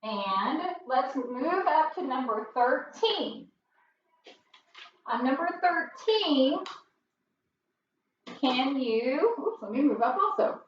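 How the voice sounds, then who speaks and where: A woman teaching a phonics lesson, sounding out words slowly and patiently for young learners. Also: high-pitched, very animated, reverberant, distant mic, dull audio, a little hiss or hum.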